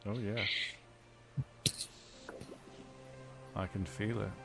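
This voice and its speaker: A man voicing a calm, grave female dryad elder who is also a mother, speaking slowly and formally. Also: lowish voice, creaky, soft background music. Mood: knowing. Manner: slow, measured, formal speech.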